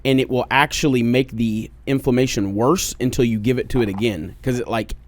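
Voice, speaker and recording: A man's voice: medium pitch, steady tone, fairly quick, a little hiss or hum. A man with an Oklahoma accent co-hosting a casual podcast, blunt and joking, swearing freely at a studio microphone. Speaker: podcast co-host.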